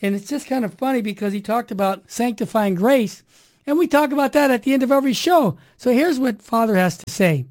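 Energetic woman hosting a faith talk show. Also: a little high, fairly quick. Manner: energetic, preachy, repeats rhyming slogans. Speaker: host of a Catholic talk show. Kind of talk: radio talk show commentary.

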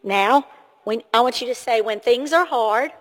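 A woman's voice: fairly high pitch, moderate pace. A woman giving a children's sermon in a church, asking the kids lots of questions in an encouraging way. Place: church sanctuary. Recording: long hall reverb.

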